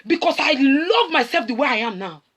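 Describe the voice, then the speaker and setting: Animated Nigerian woman preaching. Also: high-pitched, a little fast. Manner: animated, mixes Pidgin and English, acts out scripture voices. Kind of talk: sermon.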